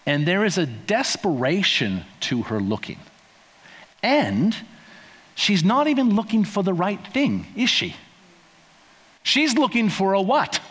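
Male preacher, slightly high voice, chatty sermon with playful asides, echoing church. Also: a bit bright. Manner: conversational, playful asides, acts out quotes. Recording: long hall reverb.

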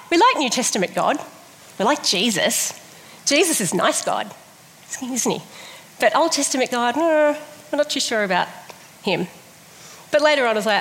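A middle-aged woman giving a sermon, chatty and humorous, telling stories with animated delivery. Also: on the high side. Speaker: preacher. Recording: long hall reverb.

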